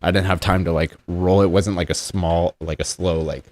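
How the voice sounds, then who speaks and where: A man's voice: deep voice, steady tone, normal speed, a little mellow, no room sound. A young man in casual podcast chat, talking in a laid-back, rambling way with plenty of swearing. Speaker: podcast co-host.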